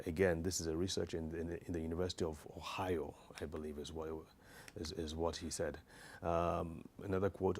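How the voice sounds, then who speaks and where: A man giving an informal educational health talk, earnest and hesitant with frequent restarts and fillers. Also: deep voice.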